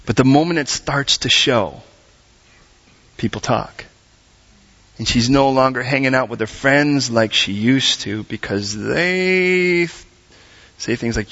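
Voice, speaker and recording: Animated male preacher, mid-pitched, dull lo-fi church recording. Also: measured pace, long pauses. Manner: animated, acts out voices, direct questions. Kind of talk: sermon. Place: church service.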